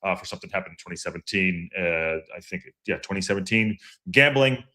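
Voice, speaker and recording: A man with a slightly low voice hosts a fan podcast livestream, chatting in a relaxed, brisk way. He rambles from point to point, restarts and repeats himself, fills pauses with ums and uhs, and greets chat viewers by name.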